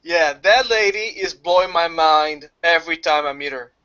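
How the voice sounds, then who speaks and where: A man who speaks natively, telling a story in casual chat with lively retelling. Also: a little high, moderate pace. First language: Portuguese. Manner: animated storytelling, acts out voices. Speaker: study group organizer. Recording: dull lo-fi audio.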